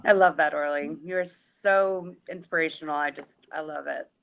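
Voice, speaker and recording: Low, gravelly woman interviewer. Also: fairly even intonation, normal speed, fairly bright tone. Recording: dull, lo-fi sound.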